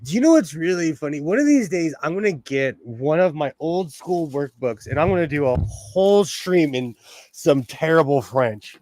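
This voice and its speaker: A man's voice: on the high side, expressive, normal speed, darkish tone, no echo. A man hosting a casual sewing livestream, chatting and reading comments while he works, laughing often. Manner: chatty, laughs often, reads chat aloud.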